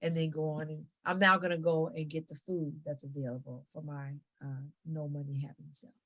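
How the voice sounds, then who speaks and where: A woman psychologist talking as an interview guest, giving lively conversational advice and acting out little family dialogues. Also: low-pitched, brisk. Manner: animated, acts out family dialogues with quoted voices.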